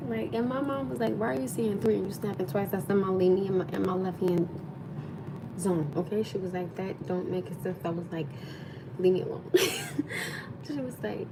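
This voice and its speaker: A woman in her thirties hosts a casual livestream, rambling and chatting with viewers and thanking them as she goes. Her voice is medium-pitched and steady at a moderate pace, and the recording is very noisy.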